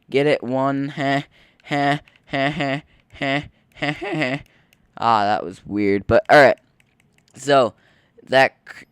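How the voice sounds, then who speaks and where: A teenage boy narrates a school story while he plays, rambling and restarting his sentences and bursting with excitement now and then. His voice is smooth and clear at a middling pitch, and the recording is close and dry with no room sound. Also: no room sound. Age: teens. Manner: rambling, self-interrupting, excitable. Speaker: gaming video host. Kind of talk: casual gameplay commentary and storytelling.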